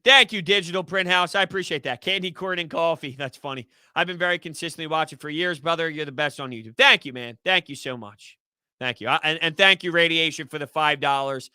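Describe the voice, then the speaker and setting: A young man chats through a sports live stream, rambling between viewer comments and laughing easily. His voice is high and very bright, with a clean, crisp tone. The sound is dry and close. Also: fairly quick, no room sound. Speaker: sports YouTube host.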